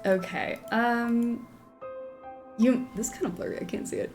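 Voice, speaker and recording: A woman streaming a video game, talking slowly and unhurriedly in a relaxed, joking way, laughing often with viewers. Her voice sits a little high, with faint music playing behind her. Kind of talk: casual gameplay commentary.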